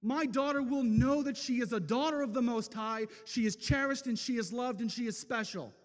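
A man preaching an impassioned sermon, swinging from loud declarations to hushed, slow passages. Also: very high-pitched, in a large hall. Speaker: speaker at a men's event.

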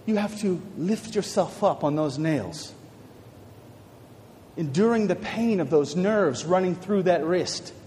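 A male preacher giving a dramatic sermon, swinging from hushed words to shouts. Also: high voice, a little hiss or hum. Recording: long hall reverb.

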